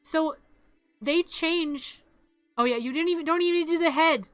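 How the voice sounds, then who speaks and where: A woman streamer in a casual, animated rant, exasperated and laughing between complaints. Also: high-pitched, a little slow, no echo, faint music behind.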